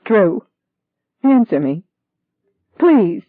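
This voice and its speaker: A reader voicing a young woman lawyer, heated and pleading, in a higher-pitched voice. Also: expressive, measured pace, no room sound. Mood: hysterical. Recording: dry tinny phone-like sound.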